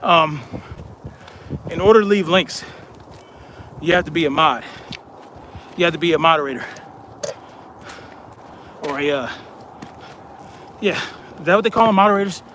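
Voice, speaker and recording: A man hosts a live stream, chatting casually and reading viewer comments aloud in a blunt, conversational way with drawn-out emphasis. His voice is fairly high and fairly bright, with slight background noise.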